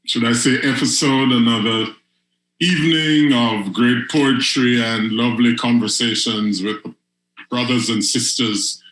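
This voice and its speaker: A man hosting an online poetry show, reading his own spoken word poems in a slow, emphatic delivery that leans into repetition. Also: medium pitch, fairly bright tone, roomy sound, rough recording. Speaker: host and poet.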